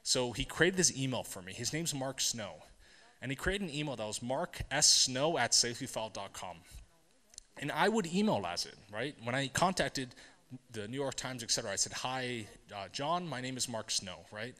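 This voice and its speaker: A man with a mid-range voice tells stories from the stage of a tech event. He talks to the audience conversationally, asks them questions and checks in with a quick "right?". The sound carries a long hall reverb. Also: medium pitch, expressive, pushed and bright. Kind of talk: storytelling conference talk.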